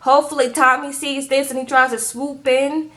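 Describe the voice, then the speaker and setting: A woman talks through a reality TV recap in casual chat. Her voice sits a little high, and she is animated, acting out the people and tagging her lines with "okay?". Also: moderate pace.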